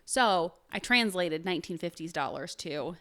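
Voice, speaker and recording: A woman's voice: lowish voice, lively intonation, moderate pace, a bit bright. A woman co-hosting a casual true crime podcast, chatty and jokey, with lots of "um" and "like" as she reads quotes and figures from her notes. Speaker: podcast co-host telling a true crime story.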